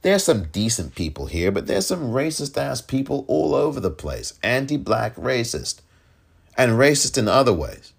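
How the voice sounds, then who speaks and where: A man's voice: mid-range voice, very animated, normal speed, creaky, slightly rough. A man hosting a solo political podcast, talking in an emphatic, exasperated way and repeating points for stress. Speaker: podcast host.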